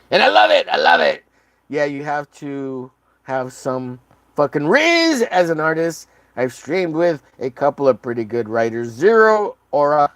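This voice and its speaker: A man's voice: fairly high pitch, no echo. A man chatting casually on a livestream while drawing, rambling and joking with lots of swearing. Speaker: artist streaming a drawing session.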